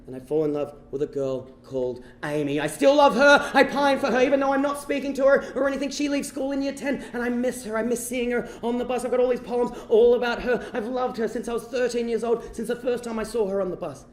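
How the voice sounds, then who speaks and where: An Australian man telling a comic true-life story on stage before an audience, animated and self-mocking, dropping to hushed asides. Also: very high-pitched, fast, few pauses, reverberant, a little hiss or hum. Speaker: stand-up comedian. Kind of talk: storytelling stand-up comedy.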